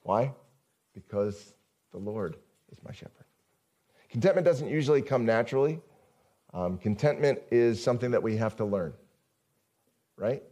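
A man's voice: mid-range voice, lively intonation, normal speed, pauses often, dark tone. A male pastor giving a conversational sermon, often asking the congregation questions.

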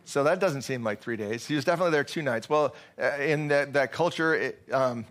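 A male pastor preaching in a relaxed, conversational manner, his voice at an ordinary middle pitch. He drifts through fillers and restarts as he talks to the room. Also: brisk. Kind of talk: sermon.

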